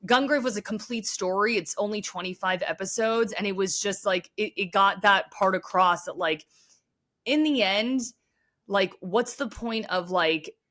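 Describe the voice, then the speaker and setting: A woman's voice: mid-range voice, normal speed, fairly bright tone. A woman guest on a podcast, talking casually and earnestly with lots of "like" fillers, openly sensitive. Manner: earnest, heavy use of "like" fillers; sensitive, emotionally open. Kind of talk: casual chat.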